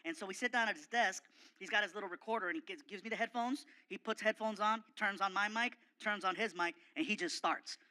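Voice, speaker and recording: Male comic guest, animated storyteller, high and bright. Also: brisk. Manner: animated, excitable, self-mocking. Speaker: guest comedian. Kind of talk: comedic storytelling in an interview.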